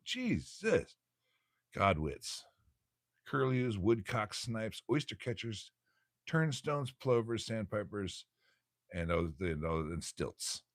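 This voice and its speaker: An American man hosts a casual livestream, reading aloud from a bird textbook, tripping over words and cracking jokes along the way. His voice is lowish and a bit bright, recorded with studio quality and no echo.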